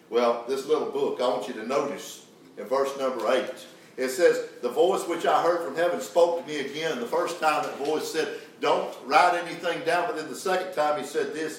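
A man's voice: on the high side, slight background noise. A man preaching a sermon, fervent and calling out for the congregation's responses. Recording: echoey church hall, distant mic. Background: congregation answering amen.

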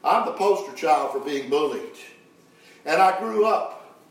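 A man preaching a sermon, folksy and lively, swinging from hushed to loud. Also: fairly high pitch, measured pace. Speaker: pastor. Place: church sanctuary. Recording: very echoey, from far off.

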